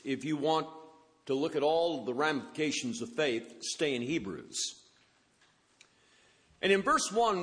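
Man, preacher, sermon, fairly high voice, long hall reverb, emphatic scripture quotes. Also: fairly bright tone.

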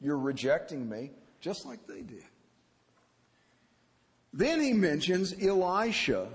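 A man preaching an expository sermon, animated and acting out the people he quotes. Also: fairly high pitch, slow pace. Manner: animated, acts out quoted characters. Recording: reverberant hall.

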